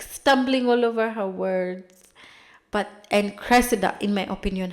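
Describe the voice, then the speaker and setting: A woman chatting casually as she recaps a TV episode, retelling scenes with quick dramatized asides. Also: medium pitch, darkish tone. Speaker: TV recap vlogger.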